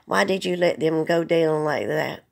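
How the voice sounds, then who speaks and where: With a low, creaky voice at a moderate pace, this woman vlogger addresses the camera in an emotional, plain-spoken plea. She is earnest and holding back tears.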